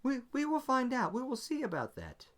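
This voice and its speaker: A cool, distrustful officer woman, as a man puts her on, pitched well above his own voice and softer too. She talks in a dry, mocking way, all doubt and no warmth, in a solo tabletop game. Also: huge pitch swings, moderate pace, heavily acted. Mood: suspicious. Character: suspicious, cool female officer.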